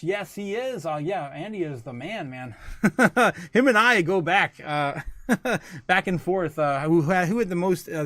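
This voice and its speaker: Man, slightly high voice, casual livestream host, reads chat comments, laughs a lot, hesitant fillers.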